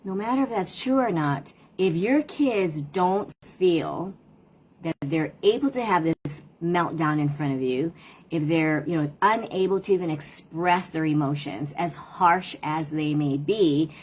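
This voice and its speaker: A woman's voice: deep voice, unhurried, a little mellow, breathy edge. A middle-aged woman and parent coach, talking casually and reflectively in a livestream. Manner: reflective, conversational, tells stories about her daughters.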